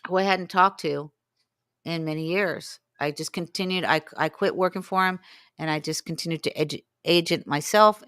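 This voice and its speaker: A woman in her sixties with a low, smooth voice tells her story as an interview guest. She slips into the voices of the people she quotes. The sound is dry and close. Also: no echo. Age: 60s. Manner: animated, acts out quoted dialogue. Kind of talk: storytelling in conversation.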